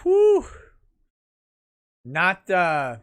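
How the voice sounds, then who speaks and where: A man's voice: high-pitched, huge pitch swings, drawn-out words, smooth. A man hosting a casual livestream talk show, wry and easygoing, often chuckling. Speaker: host.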